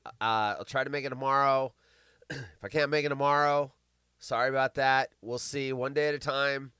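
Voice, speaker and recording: Hoarse man speaking softly, dry mic. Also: medium pitch, fairly even intonation, moderate pace, no echo. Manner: quiet and tired, trailing off. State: losing his voice, clearing throat. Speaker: podcast host. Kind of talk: casual chat.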